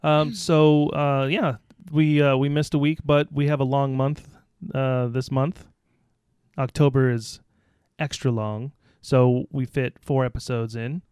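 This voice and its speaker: A man from the United States co-hosts a podcast in loose, casual chat. His voice is smooth and clear, sitting at an ordinary pitch, and it is recorded dry and close with no room sound. He jokes, teases himself and fills his talk with ums and restarts. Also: level tone, measured pace, darkish tone, no echo. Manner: joking, self-teasing, with many ums and restarts. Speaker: podcast co-host.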